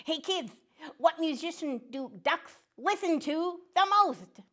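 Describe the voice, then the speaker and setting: A woman's voice: very high voice, animated, unhurried, sharp tone, exaggerated voice. A woman voicing a joke-loving male mallard duck who tells puns and quacks between lines in a children's show. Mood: jokey. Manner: punny, bursts into quacking.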